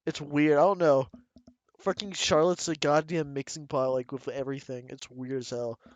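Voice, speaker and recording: Picture a man with a slightly high voice chatting loosely on a podcast, swearing and rambling as he goes. He is close to the mic, and the sound is very dry and dull, like a cheap home recording. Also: steady tone, normal speed, no room sound. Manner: crude, rambling, laughs often. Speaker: podcast co-host. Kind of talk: casual chat.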